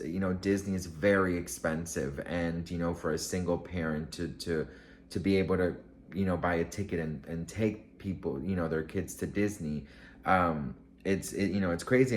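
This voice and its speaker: A man's voice: low-pitched, a little hiss or hum. A man vlogger telling a story to camera in a casual, gushing, emotional way, rambling with many fillers.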